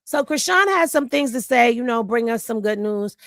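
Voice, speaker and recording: A woman's voice: on the high side, expressive, moderate pace, a bit bright, no room sound, studio quality. A tired woman, chatting with viewers about celebrity gossip on a home livestream. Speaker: livestream host. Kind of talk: casual livestream chat.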